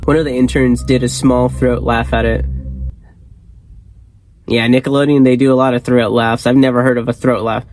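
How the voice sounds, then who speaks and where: A man hosting a channel, reading a horror story aloud and breaking off into rambling, excitable comedic tangents. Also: medium pitch, normal speed, long pauses, soft background music, poor audio. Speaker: host.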